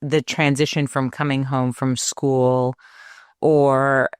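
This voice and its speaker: A woman co-hosting a parenting podcast, speaking in an affirming, unhurried conversational way. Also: a bass voice, level tone, clean tone, no echo, clean studio sound. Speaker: podcast co-host, parenting doctor. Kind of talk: warm conversational podcast talk.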